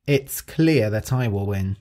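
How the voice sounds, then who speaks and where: A man voicing a boastful, fast young male rabbit in a storybook, talking cocky and impatient. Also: medium pitch, expressive, warm tone.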